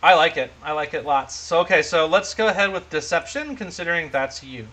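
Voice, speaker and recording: Guy running a tabletop game, bright kinda high voice, rambly with lots of ums. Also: lively intonation, a little fast, poor audio. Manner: rambling, filler-heavy narration. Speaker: game master.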